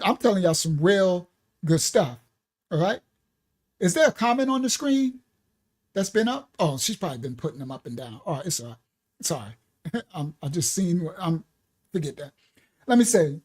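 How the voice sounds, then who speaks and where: A woman from New York preaching a spiritual teaching, laughing often, calling out to listeners by name and slowing down to stress key words. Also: fairly high pitch, darkish tone. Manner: slows down to stress single words. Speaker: minister. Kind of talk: livestreamed sermon teaching.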